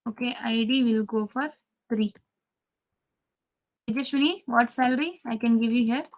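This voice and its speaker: High-voiced woman teaching code. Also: moderate pace. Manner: repeats phrases, quizzes students. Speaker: programming teacher. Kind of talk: live coding lesson.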